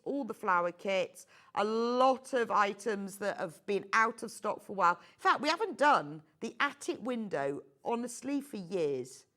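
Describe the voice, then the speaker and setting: A woman's voice: mid-range voice, a bit bright. A middle-aged woman presenting a live home-shopping show, chatty and gushing with enthusiasm.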